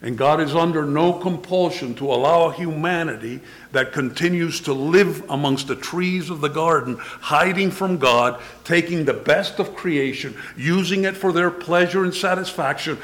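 Older male preacher, unhurried emphatic delivery, slightly raised pitch, rhetorical questions. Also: a bit bright. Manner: reads scripture in old-fashioned wording. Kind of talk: sermon.

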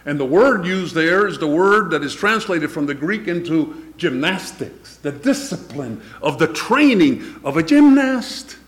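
A man's voice: on the high side, big pitch swings, a little slow, hardly any pauses. A man preaching a sermon, building emphasis word by word and then dropping to a near whisper, with the odd chuckle between points.

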